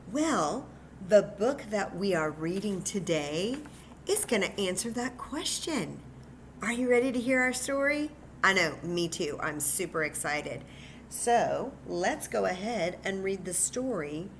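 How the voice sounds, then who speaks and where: A woman leading a children's story time at home, speaking slowly in a sing-song way and talking directly to the kids. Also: mid-range voice, a little hiss or hum. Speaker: children's librarian. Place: home room with a cat nearby.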